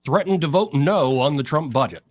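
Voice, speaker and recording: A man's voice: a little high, moderate pace, no echo. A man hosting talk radio, explaining politics and mimicking what others say. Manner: explanatory, quotes others in an animated voice. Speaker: radio talk show host.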